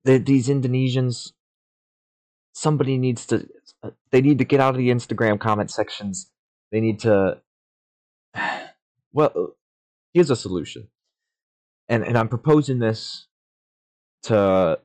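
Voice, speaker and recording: A young man co-hosting a podcast, telling an absurd story in a halting, deadpan way. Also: medium pitch. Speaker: podcast co-host.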